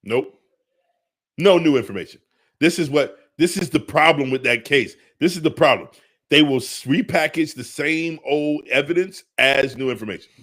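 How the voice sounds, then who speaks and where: A man co-hosting a casual podcast, talking in an animated way, repeating himself and laughing often. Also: a little high, moderate pace. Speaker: podcast co-host. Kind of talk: casual chat.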